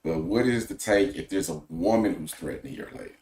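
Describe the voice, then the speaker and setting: A man co-hosting a podcast, talking in a measured, opinionated way and posing questions. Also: sits low, darkish tone, echoey room. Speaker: podcast co-host. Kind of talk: casual podcast chat.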